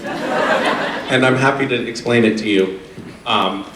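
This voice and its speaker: A man's voice: takes it slowly, noisy background. Guy on a con panel telling stories, laughing a lot, echoey hall, mic kinda far off. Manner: animated, laughing, drops into a deep gravelly put-on voice for quotes. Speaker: convention panel guest. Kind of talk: casual storytelling on stage. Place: convention hall stage.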